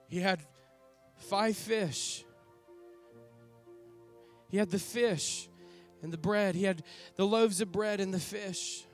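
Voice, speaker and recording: A man playing Simon Peter, awestruck apostle. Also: sits high. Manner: reverent, emotional, lingering on sighed exclamations. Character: awestruck older male apostle, earnest ex-fisherman. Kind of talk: dramatic first-person monologue.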